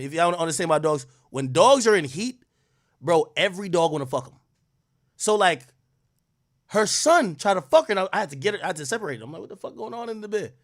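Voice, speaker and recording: A young man hosts a podcast in loose, casual chat, rambling through slang-heavy stories. His voice sits high for a man and swings widely in pitch as he gets animated. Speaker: podcast host.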